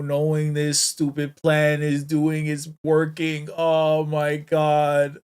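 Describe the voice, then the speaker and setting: With a slightly high, clean-toned voice, this male host works through a manga, reacting with slangy excitement. He swings between quiet, muttered dismay and sudden loud outbursts.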